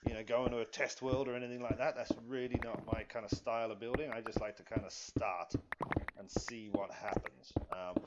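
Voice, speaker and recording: Guy rambling to himself while building on a live stream, dull lo-fi audio, loud hiss behind him. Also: mid-range voice, fairly even intonation, brisk. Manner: rambling, self-talking, apologetic. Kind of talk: live gameplay commentary.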